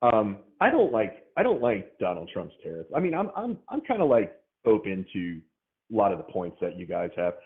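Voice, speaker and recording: A man with a low voice calls into a casual debate, halting and repeating himself as he works out his point. His pitch swings widely. The sound is narrow and phone-like. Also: huge pitch swings. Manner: hesitant, restarts and repeats words. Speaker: caller in a debate. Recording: tinny phone line.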